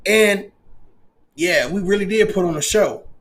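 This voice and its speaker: Man in his forties, podcast host, loud animated profane rant, high voice. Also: a little slow. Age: 40s. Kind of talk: casual monologue.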